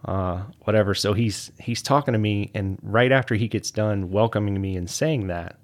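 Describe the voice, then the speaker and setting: An Army veteran from the United States tells stories in a podcast interview, acting out quotes and laughing often. His voice is on the low side at a moderate pace, and he comes across as an animated storyteller.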